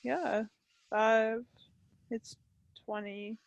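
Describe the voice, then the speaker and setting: A woman's voice: on the high side, fairly even intonation, gravelly, no room sound, muffled recording. A woman co-hosting a podcast, chatting casually and agreeing often. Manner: quick to agree and laugh along. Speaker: podcast co-host. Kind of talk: casual chat.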